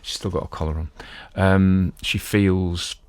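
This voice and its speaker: A middle-aged man with a very low voice hosts a podcast from his home. He talks in a loose, digressive, chatty way, wandering off on asides before returning to his point. The sound is dry and close, with no room echo. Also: fairly even intonation, unhurried, a little mellow. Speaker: podcast host. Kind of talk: casual talk on classic literature.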